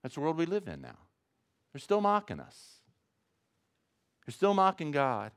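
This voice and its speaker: A man preaching a sermon with a smooth, resonant voice that sits a little high. He swings between loud, driving lines and quiet ones, and drops in a joke now and then. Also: huge pitch swings, unhurried. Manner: dynamic preaching with big swings in pitch and loudness, jokes. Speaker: pastor.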